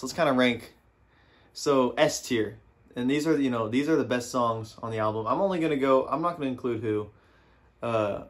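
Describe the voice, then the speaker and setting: Young male reaction host, relaxed rambling review, mid-pitch voice. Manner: relaxed, rambling, many fillers and restarts. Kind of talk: casual album review chat.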